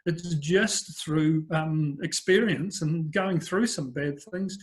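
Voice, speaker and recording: A man's voice: fairly high pitch, slow pace. Chatty New older man. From New Zealand. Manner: chatty anecdotal storyteller, frequent fillers. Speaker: guest, business coach. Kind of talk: conversational interview storytelling.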